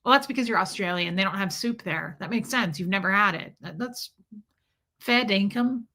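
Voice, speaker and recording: A woman's voice: mid-range voice, moderate pace, pushed and bright. A woman hosting a casual livestream, rambling through a story and greeting viewers by name mid-sentence. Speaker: livestream host.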